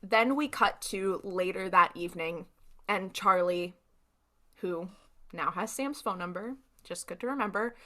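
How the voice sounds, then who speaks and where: A young woman co-hosting a podcast, recapping an episode in casual chat and acting out characters in quick asides. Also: medium pitch, bright, forceful tone. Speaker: podcast co-host.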